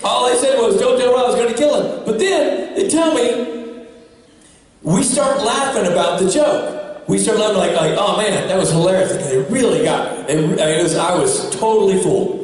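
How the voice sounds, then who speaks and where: A man's voice: sits high, moderate pace. Laughing man telling a story in a hall. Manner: animated storyteller, laughing, acting out quotes. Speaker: convention panelist. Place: large convention hall. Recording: echoey hall from far off.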